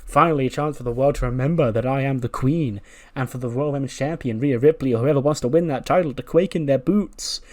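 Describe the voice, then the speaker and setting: A man's voice: medium pitch, quick pace, hardly any pauses, darkish tone, natural voice. A man doing a haughty, boastful wrestling queen. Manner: indignant, boastful, cutting. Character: haughty entitled woman wrestling star.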